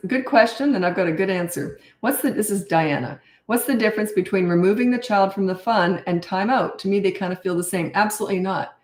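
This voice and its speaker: An older woman from Canada, a parenting coach chatting casually on a live stream and telling rambling stories with frequent laughs. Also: mid-range voice. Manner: chatty, rambling storyteller who laughs often. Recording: roomy echo.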